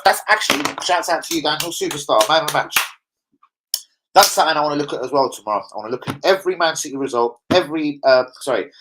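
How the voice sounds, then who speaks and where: A young man hosting a casual football fan livestream, rambling, swearing freely and reading out chat shout-outs. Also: on the high side, poor audio.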